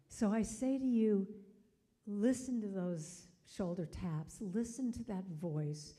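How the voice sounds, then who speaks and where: A woman giving an inspirational talk at a spiritual service, telling stories in a conversational, animated way. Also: mid-range voice, slow pace. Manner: conversational and animated, acting out the people in her stories. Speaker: guest speaker at a spiritual center service.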